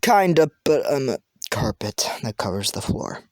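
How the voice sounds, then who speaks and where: A woman voicing a low, deadpan explainer in an improvised comedy sketch, mumbling flat explanations. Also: normal speed, no room sound, clean studio sound, full character voice. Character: deadpan low-voiced explainer who is talking objects.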